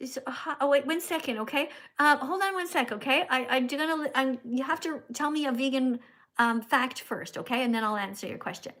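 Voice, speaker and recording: A woman's voice: high voice, a little fast, fairly bright tone. A woman hosting a live stream, chatting casually and lecturing her viewers in a scolding, preachy way, often ending lines with "okay?". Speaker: livestream host. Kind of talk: casual livestream chat and lecturing.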